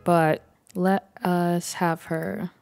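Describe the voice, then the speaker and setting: A woman giving excitable, chatty let's play commentary as she plays a life-simulation game, narrating each move. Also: lowish voice, very slow, gravelly, clean tone, faint music behind. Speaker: gaming YouTuber.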